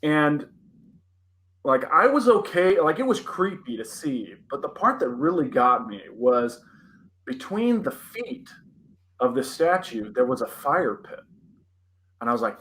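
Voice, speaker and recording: A young man co-hosting a podcast, telling a personal spooky story in an animated, dramatic way with many "like" fillers. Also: mid-range voice, measured pace, slight background noise, rough recording. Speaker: podcast co-host.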